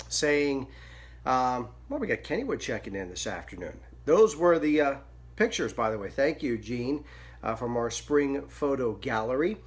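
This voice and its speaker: This is a man hosting a casual daily weather program, with a voice that sits in an ordinary middle pitch. He speaks informally and loosely, often pausing on fillers and going off on small asides. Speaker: weather forecaster and show host.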